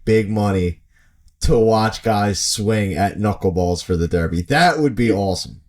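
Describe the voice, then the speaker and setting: Excitable man in casual sports banter. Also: fairly low pitch, a little slow. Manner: excitable, laughing, acts out players' reactions. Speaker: podcast co-host.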